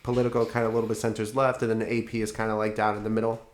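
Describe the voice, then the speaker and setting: A man's voice: fairly low pitch, flat delivery, very fast, slight background noise. Rambling, laughing young man on a podcast. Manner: rambling, filler-heavy, laughs often. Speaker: podcast co-host. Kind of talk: casual chat.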